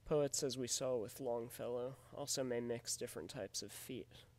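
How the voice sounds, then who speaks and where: A man's voice: medium pitch, normal speed, darkish tone. A man teaching a recorded lesson on poetry, explaining it step by step in a methodical way. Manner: methodical, explanatory, often says "in fact". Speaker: literature teacher.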